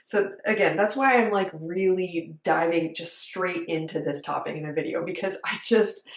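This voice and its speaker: A woman's voice: fairly low pitch, normal speed. A woman who coaches dancers, talking to camera in an earnest, emphatic, conversational way. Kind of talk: direct-to-camera coaching talk. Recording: echoey room.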